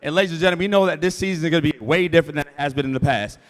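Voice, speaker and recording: A man with a high voice runs a charity auction, rattling off bid amounts over and over and pushing the room to raise paddles. His voice booms through a PA in a big hall with a long, ringing reverb. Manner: energetic, hypes the crowd, repeats bids rapidly. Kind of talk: live auction calling. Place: large event hall.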